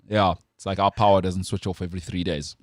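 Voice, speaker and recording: A lower-voiced South African man holding forth as a sports show host. His talk is blunt and teasing, full of restarts. The sound is dry and close, from a studio mic. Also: flat delivery, fast talker, no room sound. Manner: blunt, joking, rambling with restarts. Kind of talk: opinionated studio banter. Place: radio studio.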